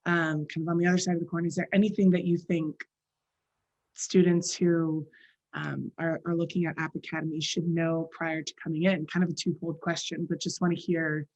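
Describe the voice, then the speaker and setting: Low-voiced woman interviewing a guest. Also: level tone, fairly quick, darkish tone, no room sound. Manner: friendly, meandering questions with fillers. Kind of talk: casual interview questions. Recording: dull dry lo-fi sound.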